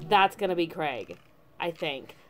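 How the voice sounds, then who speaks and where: A woman's voice: on the low side, lively intonation, a little slow. A woman playing a game on her channel, chatting casually and hesitantly to her viewers. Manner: chatty, hesitant, self-questioning. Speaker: let's play gamer.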